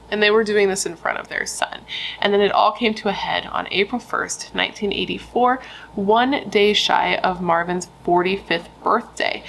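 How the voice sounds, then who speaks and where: Low, gravelly-voiced woman recounting true crime. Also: a bit bright, a little hiss or hum, rough recording. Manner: chatty, frequent "like" and "you know" fillers. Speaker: true crime channel host. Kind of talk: casual true crime storytelling.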